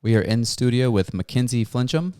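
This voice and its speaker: A man's voice: mid-range voice, animated, fairly quick, a little mellow, smooth, dry recording. A man hosting a casual podcast in a studio, welcoming and upbeat. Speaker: podcast host.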